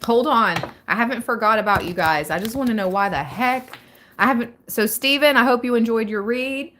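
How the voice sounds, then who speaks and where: A young woman hosting a live tarot reading, chatting casually and excitedly with frequent laughter. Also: a little high, a little fast, slight background noise.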